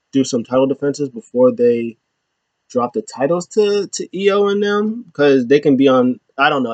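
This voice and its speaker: A man's voice: medium pitch, dry recording. Guy rambling thru a wrestling recap, loose and chatty, kinda dull dry recording. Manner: rambling, loose, many fillers. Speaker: show host.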